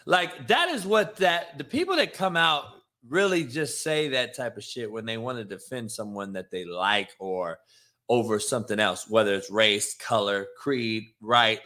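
A man's voice: mid-range voice, moderate pace. A man hosting a sports talk show, ranting in a profane, combative and mocking way. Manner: profane, combative, mocking, swings from loud to hushed. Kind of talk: sports opinion rant.

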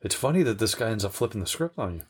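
Man hosting a relaxed chat. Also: lowish voice, racing, slightly rough. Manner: affirming, jokey interjections. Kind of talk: casual podcast conversation.

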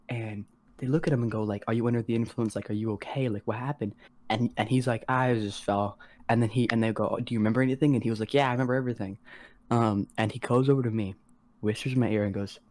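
A man's voice: medium pitch, steady tone, fast talker, darkish tone. A teenage boy telling a story on a podcast in a rambling, slangy way, full of "like" and swearing, acting out what others said. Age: teens. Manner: acts out quoted voices of others. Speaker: podcast co-host. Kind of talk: casual storytelling.

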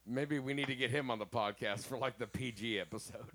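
A man co-hosting a podcast in casual chat, laughing often and reacting loudly. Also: medium pitch, fairly quick. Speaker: podcast co-host.

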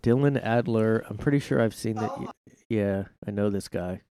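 A man's voice: fairly low pitch, normal speed, warm tone, a little hiss or hum. Sarcastic rambling man ranting solo. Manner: rambling, sarcastic, swears freely. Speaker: podcast host. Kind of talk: casual solo commentary rant. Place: his own room at home.

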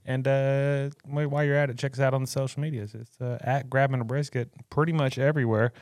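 A man, co-hosting a podcast in relaxed, easygoing chat. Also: medium pitch, quick pace, no echo, clean studio sound. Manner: easygoing, plugs the show. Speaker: podcast co-host. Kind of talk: casual chat.

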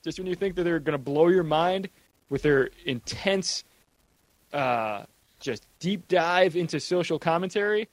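A man's voice: fairly high pitch, lively intonation, a little slow, no room sound. A man co-hosting a casual movie commentary podcast, rambling and joking, swearing freely. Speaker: podcast co-host.

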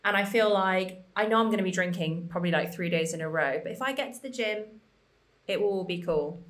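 A woman's voice: lowish voice, brisk. Woman, podcast co-host; chatty, filler-heavy, frank and supportive. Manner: chatty, lots of "like", frank and encouraging. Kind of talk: casual podcast chat.

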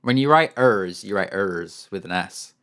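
A man's voice: low-pitched, expressive, unhurried, a bit bright. Male podcast co-host: playful, needling, easygoing chat. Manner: teasing, playful, laughs often. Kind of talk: casual chat.

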